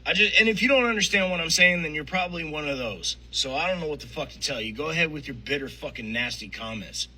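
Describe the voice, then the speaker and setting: An irritated man rants in a harsh, strained voice that is sharp and piercing. He fires off one rhetorical question after another, swearing in nearly every breath, with the pitch sitting somewhat high. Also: animated, fast talker, hardly any pauses, slightly rough, low-quality recording. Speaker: clip of a ranting man. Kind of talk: angry profane rant.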